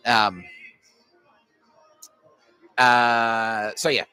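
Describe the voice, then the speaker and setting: A man's voice: fairly low pitch, lively intonation, normal speed, sharp tone, dry recording, faint music behind. An Australian man hosting a podcast, delivering a crude, rambling comedy rant full of swearing. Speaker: podcast host. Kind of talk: ranting comedy monologue.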